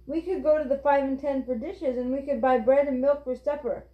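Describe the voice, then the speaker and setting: A woman's voice: high-pitched, steady tone, a little fast, voice pushed up, close to an everyday voice. A woman reading aloud, voicing a resourceful older boy who eagerly plans aloud. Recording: roomy, dull lo-fi.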